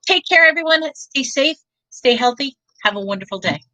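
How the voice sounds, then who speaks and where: A chatty, upbeat woman with a New York, Long Island accent talks casually to her live-stream viewers, rambling and laughing as she goes. Her voice sits fairly high. The sound is dry and close. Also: expressive, moderate pace, sharp tone, no room sound, rough recording. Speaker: online reseller hosting a live stream. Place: home in Texas.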